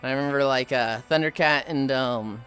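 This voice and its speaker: This streamer talks casually while playing a fishing game, cursing a lot and letting out frequent sighs in a chatty flow. Pitch is medium, pace moderate, tone a bit bright, with faint music behind.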